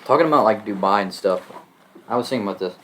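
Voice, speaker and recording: A man's voice: on the low side, lively intonation, quick pace, fairly bright tone, slight background noise. Young male co-host, jokey, rambling, casual podcast banter. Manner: joking, rambling, mocking. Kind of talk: casual chat.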